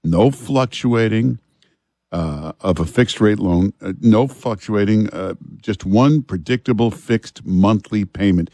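A man hosting a talk radio show, chatting in a relaxed, halting way with many fillers and reading live ads. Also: fairly low pitch, dry recording, clean studio sound. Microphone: studio microphone.

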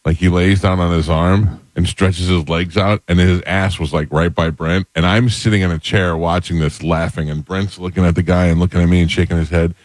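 Middle-aged guy, very low voice, dry close studio sound, animated storyteller. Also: brisk, few pauses, dry recording. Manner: animated storyteller, acts out quotes. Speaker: radio show host. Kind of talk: casual storytelling chat.

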